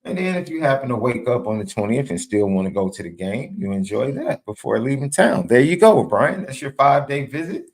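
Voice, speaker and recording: A man from Chicago co-hosting a casual sports podcast, talking in an animated, folksy way. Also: medium pitch, fairly quick, hardly any pauses, reverberant. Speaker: co-host.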